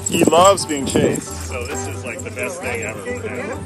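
A man's voice: on the high side, expressive, normal speed, loud music behind the voice. A man filming at an outdoor dog park, narrating casually and talking in playful baby talk to the dogs.

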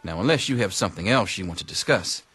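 An actor playing a dry middle-aged teacher who speaks wryly and matter-of-fact. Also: male voice, sits low, animated, quick pace, a bit bright, slightly rough, soft background music, full character voice.

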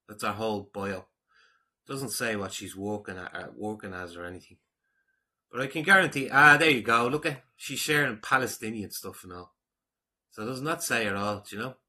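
Irish male vlogger, low-pitched and bright, a rambling, combative commentator. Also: animated, normal speed, long pauses. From Ireland. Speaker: online commentator. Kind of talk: casual vlog reading out comments.

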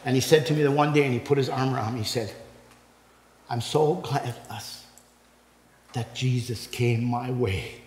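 A man's voice: mid-range voice, normal speed, pauses often, darkish tone, slight background noise. An older man from Canada tells his testimony to a men's breakfast. He rambles from story to story, acting out each quote and then swelling into preaching. His voice rings through a roomy church hall with a long, lingering reverb. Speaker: guest speaker giving his testimony.

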